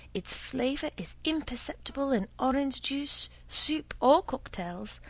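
Sly, suave old potion seller read by a woman, gravelly and husky, unhurried storybook delivery. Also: on the high side. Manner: slow, suave, insinuating.

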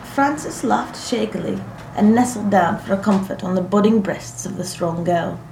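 A woman narrating a literary story in a measured, vivid descriptive reading. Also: medium pitch, gravelly, darkish tone, slight background noise. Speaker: audiobook narrator. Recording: roomy echo, faint ambience.

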